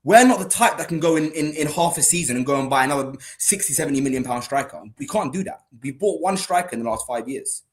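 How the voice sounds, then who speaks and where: A man on a football podcast panel, excitable and pleading to finish his point in a heated debate. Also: on the high side, quick pace, few pauses.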